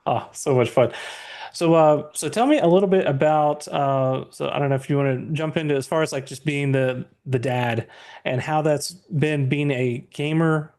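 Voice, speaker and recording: A man's voice: fairly high pitch, normal speed, a little mellow. A man hosting a podcast, asking rambling questions full of fillers in a casual chat. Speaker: podcast host.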